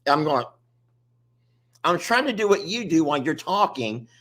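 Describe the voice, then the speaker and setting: A man's voice: fairly high pitch, very animated, moderate pace, fairly bright tone. A man, co-hosting a casual chat and rambling in a self-mocking, chatty way. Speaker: co-host of an animal sanctuary channel.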